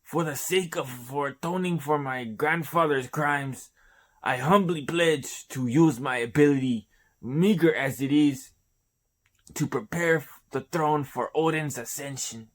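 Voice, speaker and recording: A man's voice: a little high, measured pace, pitched above the performer's own voice, natural voice. A man voicing a fawning, scheming male lord who pleads humbly and startles easily, in a raised, strained voice. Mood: pleading humbly. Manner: overly humble, pleading, then jumpy and frightened.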